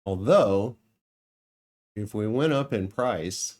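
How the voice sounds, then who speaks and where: A man's voice: fairly low pitch, animated, slow. A man giving casual commentary over his farming game, musing aloud and chuckling now and then. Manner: musing aloud, thinking out loud with small laughs. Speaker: let's play gamer.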